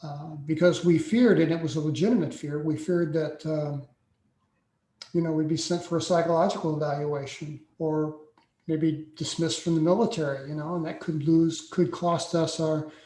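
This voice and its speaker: A man in his sixties, a podcast guest telling a personal story slowly and deliberately, with frequent pauses. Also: fairly high pitch, fairly even intonation, mellow. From United States. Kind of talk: personal account in a podcast interview. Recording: echoey room sound.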